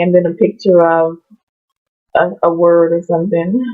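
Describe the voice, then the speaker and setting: A woman's voice: on the low side, little pitch movement, normal speed. A woman casually reading from the Bible and talking about it, rambling off on tangents and restarting her sentences. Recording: tinny phone-like sound.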